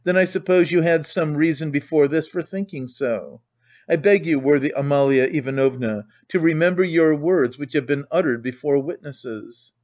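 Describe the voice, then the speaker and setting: A man reading an audiobook voices a pompous, reproachful middle-aged lawyer with a formal, measured manner. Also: a little high, a little mellow, lightly acted. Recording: dull lo-fi recording.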